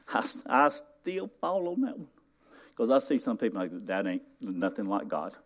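A man preaching a sermon in a church, talking conversationally and rising to emphatic call-outs to his congregation. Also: lowish voice.

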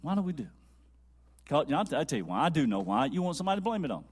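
A man preaching with a slightly high voice that leaps into loud exclamations, then sinks into low, hushed musing. He repeats phrases for emphasis and sometimes drops almost to a whisper. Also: sing-song, racing, breathy edge. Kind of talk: sermon.

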